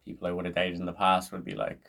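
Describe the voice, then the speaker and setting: A young man answering interview questions in a calm, measured way. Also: deep voice, creaky. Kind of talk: casual interview.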